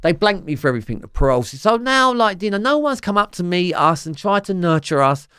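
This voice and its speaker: A Cockney man talks as an interview guest, rambling and swearing as he tells his story. He fills his sentences with "you know" and "like," and his voice swings from loud bursts to quiet asides. The sound is close and dry, with no room around it. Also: high voice, sing-song, brisk, clean tone, no room sound. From London, England. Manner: rambling and profane, full of fillers.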